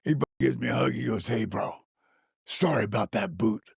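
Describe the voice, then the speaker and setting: An older man with a gravelly voice, animated and swearing freely as he tells a story in casual chat, acting out the quotes. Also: fairly low pitch, brisk, no echo, clean studio sound. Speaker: guest.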